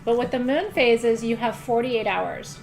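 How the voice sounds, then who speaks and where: The voice is on the high side and a little slow, with soft background music, belonging to a middle-aged woman who hosts a live-streamed spiritual ceremony. She chats casually, jokes about herself, swears lightly and laughs often.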